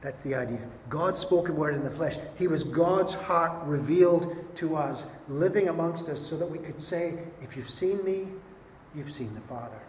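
A man's voice: fairly high pitch, moderate pace, a little hiss or hum. Earnest man preaching in an echoey hall. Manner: earnest, emphatic repetition. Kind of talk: sermon. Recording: echoey hall with long reverb.

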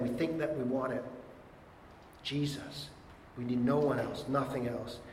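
A man's voice: on the high side, a little hiss or hum. A man preaching a sermon, conversational and earnest, acting out little quoted voices as he explains. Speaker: pastor. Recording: echoey hall with faint ambience.

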